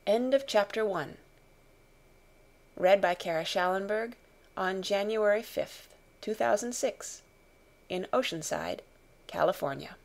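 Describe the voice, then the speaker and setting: A woman reads a classic novel aloud as an audiobook narrator. Her pitch sits in a middling range. Her storytelling is calm and even. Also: unhurried, pauses often.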